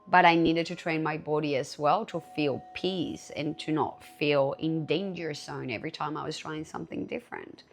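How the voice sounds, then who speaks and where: Woman podcast host, lowish voice with a gravelly edge, candid solo chat, swears freely. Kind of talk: casual solo podcast talk.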